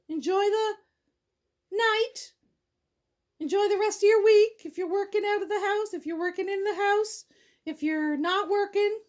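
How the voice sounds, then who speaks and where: A woman from Canada reading a children's story aloud, wandering into jokey, rambling asides. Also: extremely high pitch. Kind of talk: casual read-aloud storytelling.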